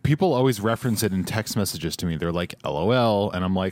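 Lively low-voiced sarcastic man. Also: quick pace, no room sound. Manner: sarcastic, playful. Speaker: podcast co-host. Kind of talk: casual podcast chat.

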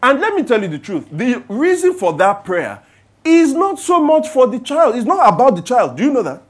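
A man preaching a sermon in church. He moves from hushed prayer to loud, animated storytelling. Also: very high-pitched, normal speed. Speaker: pastor. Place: church service.

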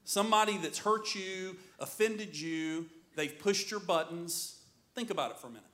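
A middle-aged man preaching a sermon as pastor, in an animated, joking storytelling manner. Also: high voice, normal speed.

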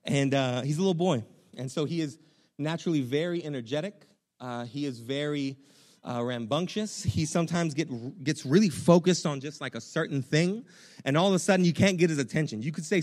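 A young man, a pastor, preaching a sermon in an animated, conversational way with casual slang. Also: fairly high pitch, a little fast.

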